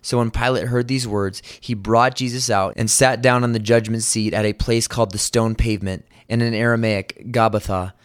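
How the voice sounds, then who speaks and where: A man preaching a sermon, reading scripture and then explaining it earnestly. He asks rhetorical questions and slows down to stress vivid details. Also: lowish voice, steady tone, smooth.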